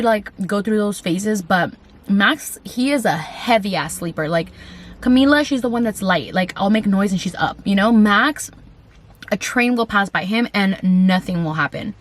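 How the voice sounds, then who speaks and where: A woman tells a creepy personal story to her camera in a loose, casual vlog. She is chatty and animated, packing her speech with fillers and curse words while she addresses viewers directly. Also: medium pitch. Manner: chatty, heavy on "like" fillers and swearing; animated, talks straight to viewers. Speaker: YouTuber telling a story.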